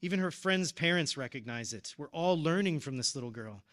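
A man's voice: fairly high pitch, expressive, brisk, a bit bright. A man in his thirties preaching, telling a personal story in an earnest, emotional way. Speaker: deacon or preacher at a parish. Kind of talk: personal testimony in a sermon.

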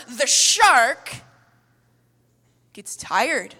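A woman preaches with high, bright energy, telling stories with humor and hitting her points hard. Her voice carries through an echoey church hall with a long reverb. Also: normal speed. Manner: energetic, humorous, emphatic storytelling. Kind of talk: sermon.

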